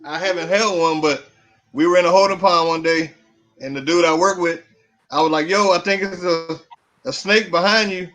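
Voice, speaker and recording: A man with a notably high speaking voice, talking casually as a podcast guest. He tells his stories in a relaxed, dryly funny way with loose everyday grammar. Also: moderate pace. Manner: laid-back storyteller, dry humor, loose grammar. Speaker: podcast guest, beard company owner. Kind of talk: casual chat.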